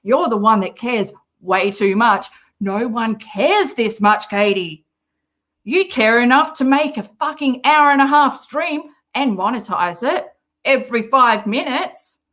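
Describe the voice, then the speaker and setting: A woman's voice: fairly high pitch, lively intonation, unhurried, fairly bright tone. An Australian woman hosting a commentary channel, reacting to a clip in a sarcastic, mocking way and swearing often.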